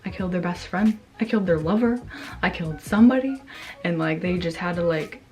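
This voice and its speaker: A woman's voice: on the low side, a little fast, darkish tone, faint music behind. Young woman rambling through a storytime. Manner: rambling, many fillers, swears, reenacts her own reactions. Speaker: vlogger telling a story. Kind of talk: casual storytime chat.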